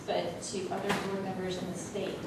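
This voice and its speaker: A woman giving a halting tribute speech at a school board meeting, with many fillers. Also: on the low side, flat delivery. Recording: echoey hall, mic from far off, noisy.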